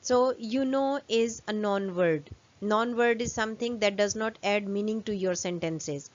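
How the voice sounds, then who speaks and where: A woman lecturer, giving a fast recorded lesson full of "um" and "uh" fillers. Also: mid-range voice, lo-fi sound.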